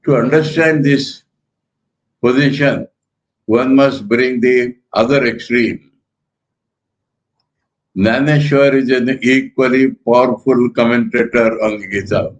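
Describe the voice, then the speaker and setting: An older man with an Indian accent, a monk giving a spiritual lecture in a measured, emphatic way that repeats key words. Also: medium pitch, dull audio.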